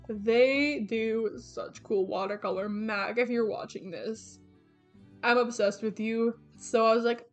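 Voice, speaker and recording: A young woman with a slightly high voice rambles casually as she talks through her sketchbook pages. She chatters along with frequent fillers and restarts, and soft game music plays faintly underneath. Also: highs cut off. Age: young adult. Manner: chatty, rambling, lots of fillers and self-corrections. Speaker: artist vlogger. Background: background game music.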